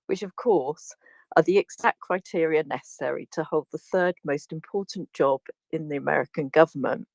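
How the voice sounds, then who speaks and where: A woman's voice: low-pitched, vocal fry, a little mellow, no room sound, rough recording. A woman with a British accent, a teacher, reading a profane piece aloud with glee and laughter in a casual live audio chat. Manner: gleeful, laughing while reading a profane rant.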